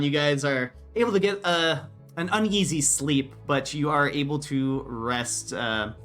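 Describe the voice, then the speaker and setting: A man's voice: medium pitch, fairly bright tone. A man narrating as game master, talking loosely with many fillers.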